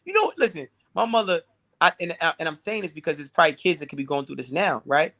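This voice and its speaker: A man's voice: a little high, animated, fast, sharp tone. A man with a slightly raised voice tells a painful personal story as an interview guest. He talks intensely, circling back and repeating words as he pushes through.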